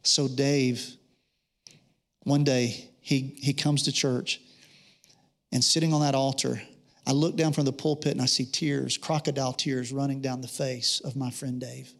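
A man's voice: mid-range voice, flat delivery, measured pace, gravelly. A man preaching a sermon, telling a personal story in an earnest way and acting out the dialogue. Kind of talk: sermon testimony.

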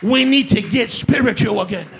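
A man preaching as a guest speaker in a church, shouting in fiery, repetitive call-and-response, with worship music behind him. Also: extremely high pitch, normal speed, a faint crowd. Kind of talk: shouted sermon. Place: church sanctuary.

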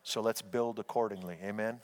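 A man's voice: lowish voice, steady tone, fairly quick. A man preaching a sermon as pastor, telling homespun stories and urging his listeners on. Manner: folksy storytelling, earnest and exhorting. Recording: long hall reverb.

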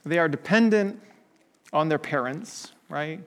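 A man's voice: fairly high pitch, measured pace, in a large hall. A man preaching a conversational sermon, often checking in with "right?" and restarting his sentences.

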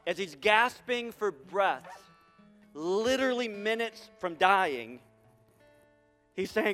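A male pastor preaching a sermon to a large congregation, animated and acting out the voices he quotes. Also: high-pitched, slow, long reverb tail, faint music behind. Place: large church hall.

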